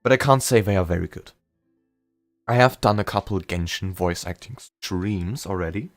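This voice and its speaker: Casually chatting during a live game stream, a young man speaks in a deep voice at a moderate pace, with a slight German accent. He rambles somewhat and is often self-deprecating. There's soft background music and no echo.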